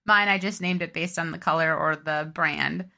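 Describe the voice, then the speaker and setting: A woman's voice: low voice, fairly even intonation, normal speed, gravelly, bright, forceful tone. A young woman co-hosting a podcast, chatting in an easygoing, upbeat way. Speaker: podcast co-host. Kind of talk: casual chat.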